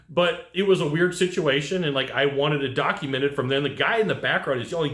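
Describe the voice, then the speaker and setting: A man giving casual advice to HVAC technicians, telling lively work stories and acting out what people said. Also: fairly high pitch, fairly quick, few pauses, reverberant. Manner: animated storyteller who acts out quotes. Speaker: HVAC sales trainer.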